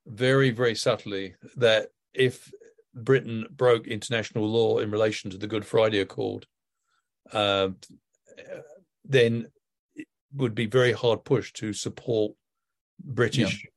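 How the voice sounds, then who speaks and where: A man giving political commentary as a podcast guest, measured and hedging his points. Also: on the low side, fairly even intonation. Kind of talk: political commentary in casual chat.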